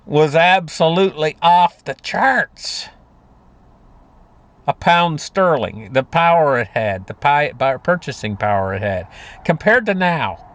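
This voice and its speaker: A man's voice: a little high, fairly bright tone, no room sound. A man giving a rambling, folksy monologue about money and markets, full of fillers and restarts. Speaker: market commentator. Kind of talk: casual monologue on finance.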